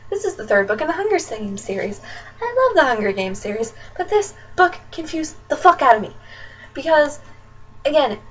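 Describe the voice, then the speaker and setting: A young woman from Nebraska chatting casually as a book vlogger, talking in a chatty, ranting way with lots of fillers. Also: high voice. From Nebraska, USA. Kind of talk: casual chat. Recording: distant dull webcam audio with faint noise.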